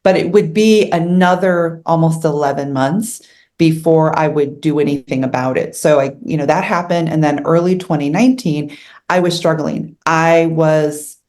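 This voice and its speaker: A woman's voice: low-pitched, darkish tone. A middle-aged woman telling her own story as an interview guest, earnest and candid, emotional as she recalls hard moments.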